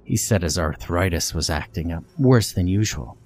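A man's voice: deep voice, expressive, normal speed, darkish tone. A man voicing an elderly female neighbor in a horror story, matter-of-fact and a little dismissive. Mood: chatty. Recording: faint music underneath.

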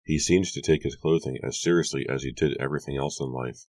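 A man narrating a horror audiobook in a hushed, suspenseful storytelling manner. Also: rumbling low, fairly even intonation, fast, no echo.

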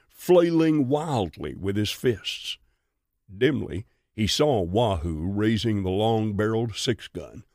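A man reads a western audiobook in a slow, measured way. His voice sits a little low and is recorded dry and close, with no room sound. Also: a little mellow, dry recording. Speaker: narrator.

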